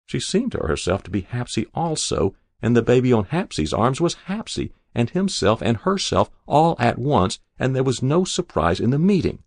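A man reads literary fiction in a measured, expressive way. His low voice is gravelly and a little husky, and it moves through a wide pitch range. The sound is dry and close, with no room echo. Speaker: narrator. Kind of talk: scripted literary narration.

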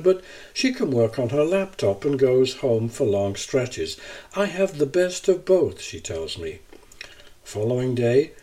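A man narrating a first-person travel essay in a measured, even reading style. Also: on the low side, slightly rough.

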